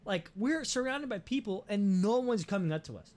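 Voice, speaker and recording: A young man hosting a podcast, telling a story in a casual, animated way, swearing often and restarting his sentences. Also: high voice, moderate pace. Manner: animated, profane, many restarts. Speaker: podcast host.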